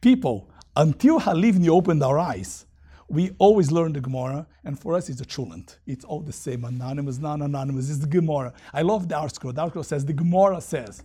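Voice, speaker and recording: A man teaching a Talmud lesson, reading Aramaic passages and explaining them in lively English. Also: a little high, a little fast, slightly rough.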